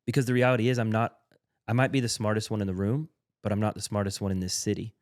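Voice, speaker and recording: A man's voice: fairly low pitch, level tone, fast talker, a little mellow, dry recording, studio quality. A man who leads in a church, a podcast guest explaining his ideas earnestly and step by step. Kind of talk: casual conversational interview.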